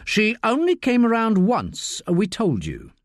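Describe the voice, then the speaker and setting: A man reads a stubborn middle-aged father, curt and defensive, refusing to be drawn in. The delivery is deliberate, with a lively pitch, in a close, dry recording. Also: no echo, full character voice.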